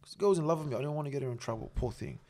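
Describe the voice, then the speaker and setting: A man, a guest telling a story in casual, profane, animated talk. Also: mid-range voice, very fast. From Australia.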